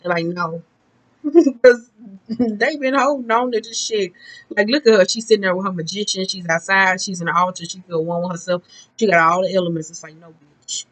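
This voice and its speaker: A woman's voice: medium pitch, fairly even intonation, brisk, low-quality recording. A woman giving a casual tarot card reading, talking bluntly and profanely in a chatty, rambling way. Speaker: tarot reader.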